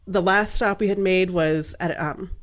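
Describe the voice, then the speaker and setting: A woman's voice: fairly low pitch, unhurried. A middle-aged woman from Maine co-hosting a podcast, telling a story in casual chat and acting out the people in it with lots of laughter. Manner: animated storyteller, acts out quoted voices, laughs often. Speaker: podcast co-host.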